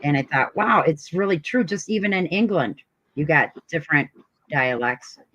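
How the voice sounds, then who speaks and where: Stream co-host, bright voice, dead dry mic, keeps asking stuff. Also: mid-range voice, expressive, normal speed, no room sound, lo-fi sound. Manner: curious, asks many questions, drawls. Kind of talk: casual stream chat.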